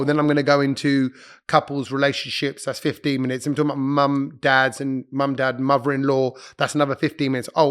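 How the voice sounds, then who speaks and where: A middle-aged man, a broadcaster and comedy host, talking quickly and animatedly in a casual podcast chat, slipping into put-on voices. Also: mid-range voice, a bit bright.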